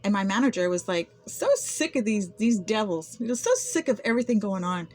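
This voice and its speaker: A woman's voice: medium pitch, expressive, brisk, darkish tone, soft background music. A woman talking to camera in an unscripted vlog monologue, aggrieved and often repeating words and restarting. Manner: aggrieved, with frequent word repetitions and restarts. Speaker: vlogger recounting personal experiences.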